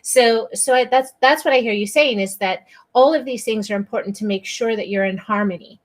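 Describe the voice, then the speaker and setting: A woman's voice: a little high, a little fast. A woman interview host who sums up her guest's points and keeps checking in with her. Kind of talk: conversational interview.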